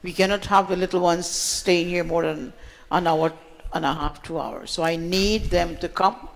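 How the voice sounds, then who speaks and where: Woman, lower voice, event organizer, businesslike announcement. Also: fairly even intonation, moderate pace, creaky, rough recording. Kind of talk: making an announcement.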